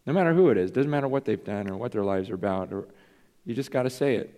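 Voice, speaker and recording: A man's voice: medium pitch, expressive, fast, mellow. A man preaching a sermon as pastor, earnest and confessional, questioning himself aloud. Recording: long reverb in a large hall.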